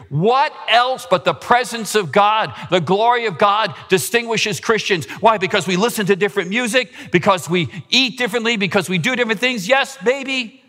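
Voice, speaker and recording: Male pastor, fervent sermon delivery, slightly high voice, long church reverb. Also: moderate pace, sharp tone. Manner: impassioned preaching, rising pitch at climaxes. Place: church sanctuary.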